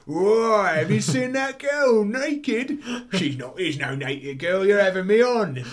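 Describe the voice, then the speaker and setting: A man putting on the voice of an excitable working-class guard who exclaims loudly. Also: high-pitched, slow, pitched above the performer's own voice. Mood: amazed.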